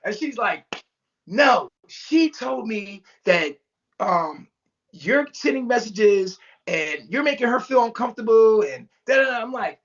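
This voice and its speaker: A man's voice: very high voice, expressive, a little slow, dull audio. A man telling a story in casual talk, acting out every quote with big jumps in his voice and swearing freely. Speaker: storyteller guest. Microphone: remote call mic.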